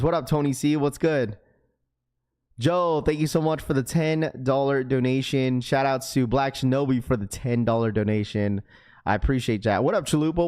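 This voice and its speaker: A man hosting a casual livestream, chatty and laughing often as he gives shout-outs for donations. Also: medium pitch, clear, resonant tone. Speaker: livestream host.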